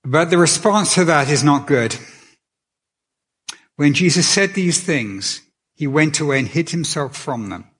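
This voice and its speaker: A man's voice: on the high side, animated, measured pace, long pauses, a bit bright, slightly rough. A man preaching a sermon in a conversational way, often restarting his sentences. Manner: conversational, with many restarts and fillers.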